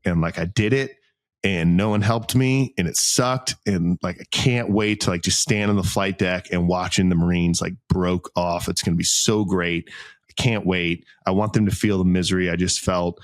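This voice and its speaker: A man co-hosting a podcast, telling a long self-mocking anecdote in a casual, animated way, acting out what people said. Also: low-pitched, moderate pace, dry recording, clean studio sound. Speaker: podcast co-host. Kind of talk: casual storytelling chat.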